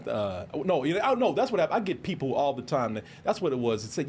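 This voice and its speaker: A man's voice: mid-range voice, sing-song, brisk, slight background noise. A man hosting a podcast, telling stories in a rambling, casual way with restarts and laughter. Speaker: podcast host. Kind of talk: casual chat.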